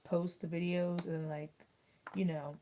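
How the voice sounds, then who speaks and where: A woman's voice: fairly low pitch, level tone, a little slow, warm tone, slight background noise, low-quality recording. A young woman in casual livestream chat, rambling with lots of fillers as she answers comments while eating. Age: young adult. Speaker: YouTuber reading live chat.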